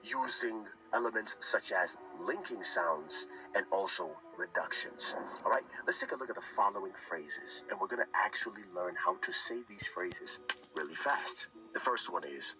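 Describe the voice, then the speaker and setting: A man teaching fast American English phrases, repeating each one for practice in an animated way. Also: fairly low pitch. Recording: distant from mic with music behind.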